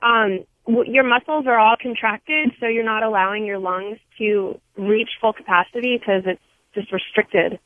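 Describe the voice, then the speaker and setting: A woman's voice: medium pitch, normal speed, no room sound. A woman calling in to a radio show, earnestly explaining something over a tinny phone line. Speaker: radio caller.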